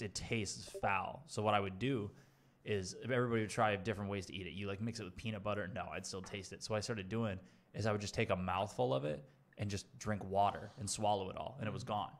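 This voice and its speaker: A young man with a fairly low voice tells a rambling story in loose, casual chat. He swears often, restarts his sentences and laughs at his own misadventure. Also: a bit bright. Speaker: streamer telling a story.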